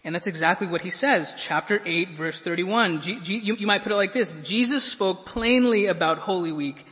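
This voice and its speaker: Barely pausing, a preacher moves at normal speed, his voice high, bright, and forceful. In his earnest sermon he stumbles on repeated words and builds to emphatic high points, with a large hall's long reverb behind him.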